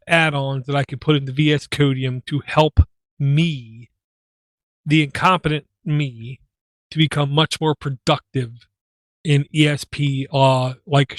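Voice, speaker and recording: A man's voice: fairly high pitch, measured pace, no echo. A man hosting a casual tech podcast, talking in a rambling, self-deprecating way. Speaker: podcast host.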